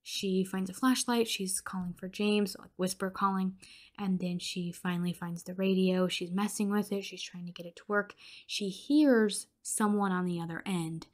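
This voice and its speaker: A woman's voice: mid-range voice, steady tone, moderate pace. A young woman hosting a podcast, casually recapping a horror film with lots of fillers and swearing, sometimes dropping to a whisper. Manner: chatty, swears, many fillers like "like"; drops into whispers for tense moments. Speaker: podcast host.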